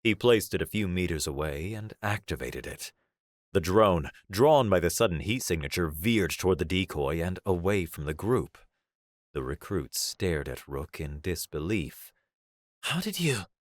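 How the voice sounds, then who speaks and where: A man narrating a science fiction story in a measured, dramatic storytelling style. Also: sits low, expressive, dry recording. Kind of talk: audiobook sci-fi narration.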